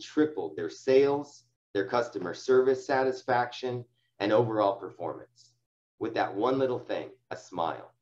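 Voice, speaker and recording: A man's voice: mid-range voice, darkish tone, muffled recording. A man giving casual, encouraging coaching to his sales agents, full of fillers and restarts. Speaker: sales team leader. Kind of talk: coaching talk on phone sales.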